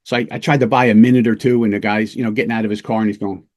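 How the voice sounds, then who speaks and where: A middle-aged man, a police lieutenant, teaching undercover work through a casual, lively anecdote told with small restarts. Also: fairly low pitch, rapid-fire. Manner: lively anecdotes, acts out quoted voices, fillers and restarts. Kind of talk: casual storytelling lesson.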